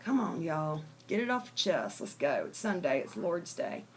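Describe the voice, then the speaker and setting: A woman's voice: low voice, big pitch swings, moderate pace, slight background noise. A woman doing a coaxing country preacher man. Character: male country preacher urging confession.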